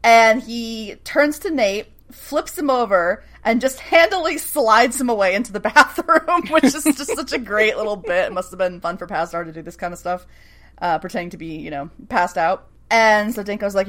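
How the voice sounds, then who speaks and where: A woman in casual conversation, recounting events with lively energy and frequent swearing. She slips into brief quoted voices for the people she describes, then drops back to her ordinary middle-pitched talk. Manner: animated, swears freely, acts out lines in quick asides. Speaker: podcast co-host recapping a TV episode. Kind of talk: casual chat.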